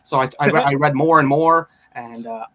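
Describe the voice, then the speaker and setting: A man from California calling into a live podcast from his room, talking haltingly with many fillers and apologies. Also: on the high side, little pitch movement, pushed and bright. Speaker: caller. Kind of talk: casual live-stream chat.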